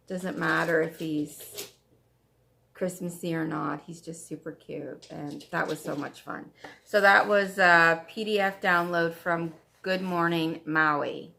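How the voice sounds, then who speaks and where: Casting note: woman, crafting vlog host, unhurried and gravelly, gushy and repetitive. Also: on the low side, fairly bright tone. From Canada. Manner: chatty, gushing, repeats herself. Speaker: flosstube host. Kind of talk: casual show-and-tell chat.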